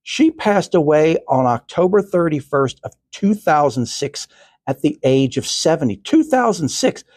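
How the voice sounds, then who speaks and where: A man's voice: fairly high pitch, normal speed, darkish tone, slightly rough, dry recording. An older male podcast host reading a story aloud, with earnest, chatty asides.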